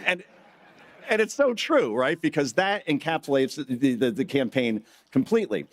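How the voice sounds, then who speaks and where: A man's voice: mid-range voice, lively intonation, moderate pace. Joking male conference speaker. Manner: joking storyteller who acts out quotes in shifting voices. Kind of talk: live speech with anecdotes. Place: conference hall stage.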